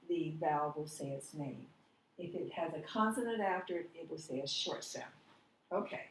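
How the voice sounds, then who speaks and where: A woman teaching a slow, patient phonics lesson, quizzing the listener on syllables. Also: on the low side, darkish tone, far from the mic, a little hiss or hum. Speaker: reading teacher. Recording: echoey room, voice off-mic.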